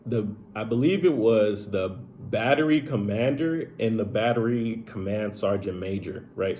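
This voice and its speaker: A man with a mid-range, slightly mellow voice retells a painful personal story, with a little hiss or hum in the audio. He's emotional and profane, leaning heavily on "like" and saying "bro" often.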